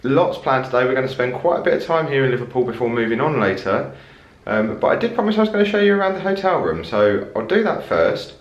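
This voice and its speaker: A man's voice: mid-range voice, big pitch swings, fast, echoey room, muffled recording. A man chatting casually to camera as he tours and narrates a travel vlog. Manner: chatty and informal, touring to camera. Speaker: travel vlogger.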